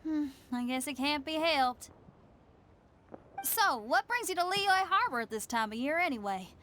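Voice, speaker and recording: A woman's voice: high-pitched, expressive, normal speed, bright, forceful tone, slight background noise. An actress voicing a brash young woman rock musician with a strong Southern US accent in a video game. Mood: breezy. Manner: bold, breezy, confident.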